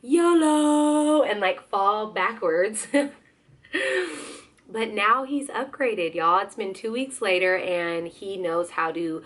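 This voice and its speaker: A young woman vlogger with a hoarse voice, chatting casually and animatedly about her baby. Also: medium pitch, a little slow, few pauses. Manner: chatty, animated, slips into excited quoted voices. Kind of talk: casual chat.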